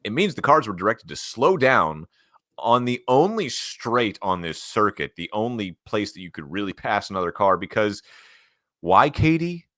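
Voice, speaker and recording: Deep-voiced man hosting a sports podcast. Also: moderate pace, dry recording, studio quality. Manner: animated, joking, explains at length. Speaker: podcast host. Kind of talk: casual sports chat.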